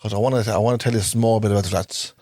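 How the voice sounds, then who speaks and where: Irish Traveller man, podcast guest, rapid and animated, dry close sound. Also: fairly low pitch, dry recording. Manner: quick, lively, correcting others. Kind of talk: casual chat.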